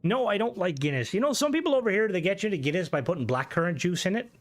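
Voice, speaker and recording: A man's voice: high voice, sing-song, fast. A young Irish man chatting casually on a game stream, rambling, swearing freely and answering chat.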